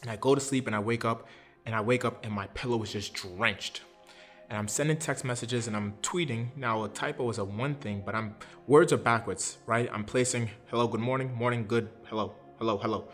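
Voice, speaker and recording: A man's voice: mid-range voice, brisk, a bit bright, soft background music. A man in his thirties from Brooklyn, earnestly recounting a personal story step by step and acting out what others said. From Brooklyn, New York. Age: 30s. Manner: earnest, recounts events step by step, often acts out other people's words. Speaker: interview guest.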